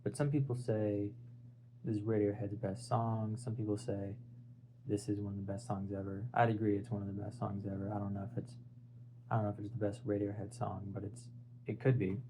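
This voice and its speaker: A man's voice: lowish voice, little pitch movement, fairly quick, noisy background. A young man talking casually about an album, rambling and searching for words as he goes. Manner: rambling, filler-heavy, restarts and searches for words. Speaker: music video essayist. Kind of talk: casual unscripted album talk.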